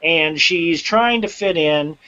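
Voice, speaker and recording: A man's voice: on the high side, slow pace, pushed and bright, dry recording. A man hosting a segment of a casual podcast, loose, laughing and profane. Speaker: segment host. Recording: dull lo-fi sound.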